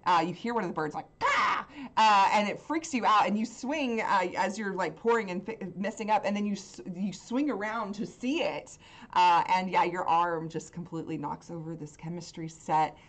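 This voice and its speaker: A woman's voice: lowish voice, moderate pace. Rambling woman running a tabletop game. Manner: rambling, filler-heavy. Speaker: game master.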